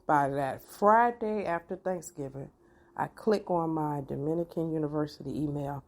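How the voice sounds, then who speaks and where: A middle-aged woman, telling a personal story to her viewers in an animated, expressive way. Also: deep voice, moderate pace. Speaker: vlogger.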